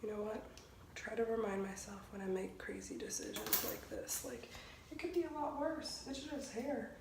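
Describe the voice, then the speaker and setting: A woman's voice: medium pitch, sing-song, normal speed. Woman vlogger, casual chat, self-mocking with nervous laughter; echoey room, noisy background. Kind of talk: casual vlog chat to camera.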